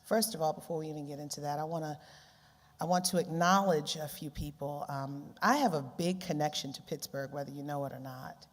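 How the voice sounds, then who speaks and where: A woman from Baltimore giving an animated conference speech, laughing often and repeating phrases for effect. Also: low voice, fairly quick. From Baltimore, USA. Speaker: keynote speaker, journalist. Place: large conference hall. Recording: long hall reverb.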